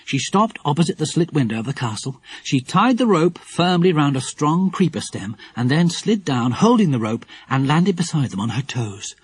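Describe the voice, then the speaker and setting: A man's voice: a little high, moderate pace, hardly any pauses, husky, dry recording. Man narrating a kids audiobook, bouncy delivery, dry close studio sound. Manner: lively, expressive storytelling.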